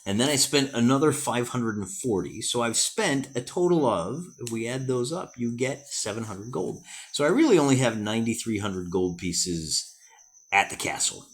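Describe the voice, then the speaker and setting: Chatty American man with a lively voice. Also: medium pitch, normal speed. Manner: chatty, thinking aloud, self-correcting. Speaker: solo wargame host. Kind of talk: casual narrated solo wargame session.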